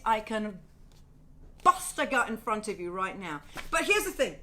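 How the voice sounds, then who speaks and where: A middle-aged woman hosting her own home video show, chatty and swearing freely with animated asides. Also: mid-range voice, unhurried, pauses often, slight background noise. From Wales. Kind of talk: casual home video chat. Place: home, indoors.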